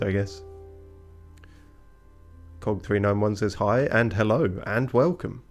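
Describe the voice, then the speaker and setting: A man casually commenting while streaming a game, dry and self-mocking with frequent pauses and fillers. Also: on the low side, faint music behind. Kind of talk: casual let's-play commentary.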